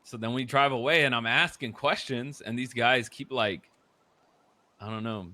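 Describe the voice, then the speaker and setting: A man casually retelling a roleplay story, animated and profane, acting out the other people's lines in a low mutter. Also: normal speed, no room sound. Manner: animated, profane, acts out quotes in a lower mutter.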